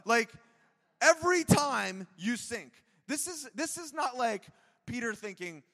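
A man's voice: very high-pitched, expressive, measured pace, fairly bright tone, big-room sound. A man preaching a conversational sermon to his church, chatty and self-deprecating, with lots of jokes and asides. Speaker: pastor. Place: church auditorium.

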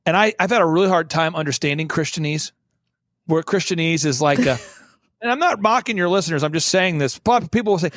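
A man's voice: a little high, fairly quick, a bit bright, no room sound. A man speaking bluntly and emphatically as an interview guest, in a fervent, preaching manner.

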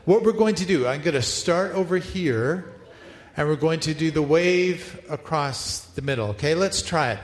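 In a large church hall, a male pastor with a slightly high voice and lively intonation leads his congregation through an interactive Bible story at normal speed. He's upbeat and playful as he directs them. The hall is echoey with long reverb.

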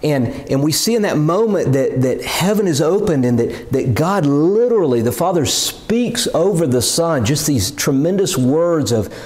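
Earnest preacher guy, fairly high voice that swoops up and down a lot, keeps repeating words as he builds. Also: animated, moderate pace, hardly any pauses, darkish tone. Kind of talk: sermon.

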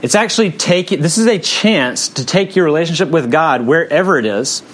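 A man's voice: fairly high pitch, animated, moderate pace. Conversational male preacher. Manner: conversational, hedging with "kind of" and "um". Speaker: pastor. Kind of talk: sermon.

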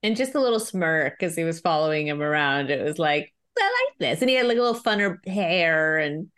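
A woman's voice: deep voice, lively intonation, brisk, a bit bright, smooth. A woman co-hosting a casual podcast chat, giggling often and trailing off mid-sentence. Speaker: podcast co-host.

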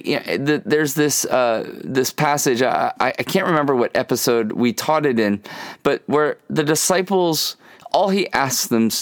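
A man giving an earnest sermon-style teaching, lively at times and slowing down to stress key words. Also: mid-range voice, dry recording, clean studio sound. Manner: earnest, animated, slows down to emphasize.

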